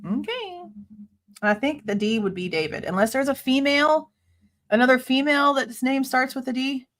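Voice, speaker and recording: A woman's voice: high voice, a little fast, fairly bright tone. Blunt, skeptical true crime host woman. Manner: blunt, exasperated, sharply skeptical; casual swearing. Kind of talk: live commentary reading and reacting to a police report.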